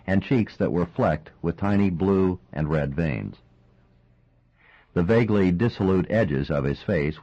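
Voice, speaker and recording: A man with a very low voice narrates a crime novel in a measured, steady way. The recording sounds dull and a bit lo-fi. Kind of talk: audiobook narration.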